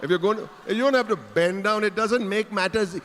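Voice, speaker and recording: A man's voice: high voice, normal speed, a bit bright, slight background noise. A man giving a playful keynote speech, teasing the audience from a conference stage. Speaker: keynote speaker. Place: large conference hall stage. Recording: reverberant conference hall.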